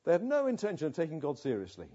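A man preaching a sermon with urgency, swinging from loud warnings to hushed asides. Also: fairly high pitch, wildly swooping pitch, rapid-fire, husky, lo-fi sound.

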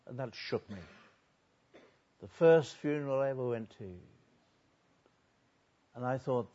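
A man preaching a sermon earnestly, building loud on repeated lists and then dropping low and quiet. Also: a little slow, long pauses, dull audio.

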